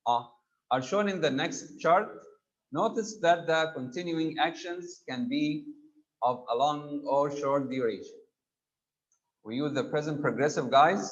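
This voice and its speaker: A man's voice: a little high, highs cut off. A male teacher explaining grammar step by step, with frequent fillers and worked examples. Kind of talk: grammar lesson.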